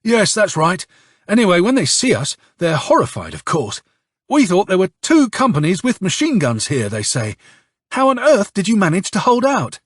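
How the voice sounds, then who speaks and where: Hoarse cussing young officer ranting his war story , man doing the voice, lively up-and-down pitch, husky dry sound. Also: no room sound. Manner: angry, sardonic storytelling with curses. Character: hoarse young male officer, bitter and swearing. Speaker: audiobook narrator. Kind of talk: audiobook reading.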